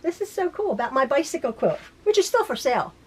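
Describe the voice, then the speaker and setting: A woman's voice: high voice, big pitch swings, fast talker. A middle-aged woman in back pain, chatting casually to her quilting viewers in a rambling way with many restarts. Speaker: quilting YouTuber. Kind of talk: casual chat to camera. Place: home sewing room.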